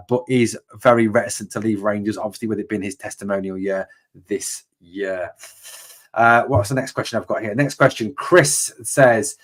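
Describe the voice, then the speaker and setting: A man hosting a casual live-stream Q&A, answering viewer questions in a hesitant, opinionated way with plenty of fillers and restarts. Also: mid-range voice. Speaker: host of a fan channel live Q&A.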